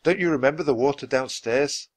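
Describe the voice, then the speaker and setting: A man's voice: mid-range voice, brisk, voice pushed up, lightly acted. A man reading aloud voices a serious young boy who speaks earnestly.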